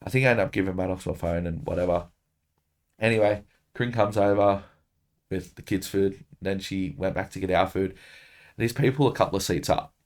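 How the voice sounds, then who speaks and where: An Australian man with a fairly low voice tells a long, animated story on a podcast. He swears nonstop and the talk stays loose and casual. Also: a little fast. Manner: profane, animated, swears constantly. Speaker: podcast guest.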